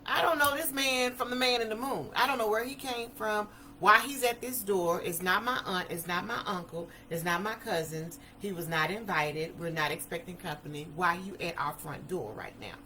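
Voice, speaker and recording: A woman's voice: mid-range voice, moderate pace, sharp tone, slight background noise, low-quality recording. A woman in her fifties telling a personal story to an audience in a vivid, emphatic manner with everyday vernacular. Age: 50s. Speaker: speaker. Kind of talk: personal testimony talk.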